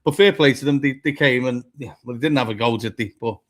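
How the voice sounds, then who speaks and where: A man's voice: mid-range voice, fast. A man on a football fan panel, talking bluntly, swearing a lot and getting heated. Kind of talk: casual fan chat.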